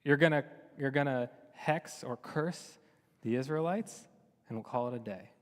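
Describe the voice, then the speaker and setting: A man's voice: medium pitch, normal speed, long reverb tail, natural voice. A man voicing an impatient, bossy king from an ancient tale who speaks in a pushy, exasperated way.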